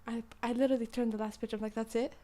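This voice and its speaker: Young female book reviewer, British-sounding accent, soft mellow timbre, playful rambling chat. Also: on the high side, little pitch movement, very fast. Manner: rambling, self-interrupting, playful. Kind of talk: casual chat.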